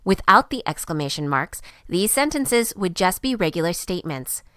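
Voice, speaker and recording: A woman reading a scripted grammar lesson with a clear, even teaching delivery. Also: lowish voice, normal speed, no echo, studio quality. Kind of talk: scripted narration.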